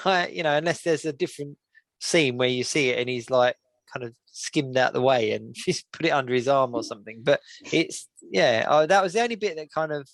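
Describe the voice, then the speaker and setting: Gravelly young man chatting. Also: on the high side, a bit bright, no echo. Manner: enthusiastic, laughs often, quotes others in voices. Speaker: podcast co-host. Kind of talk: casual chat.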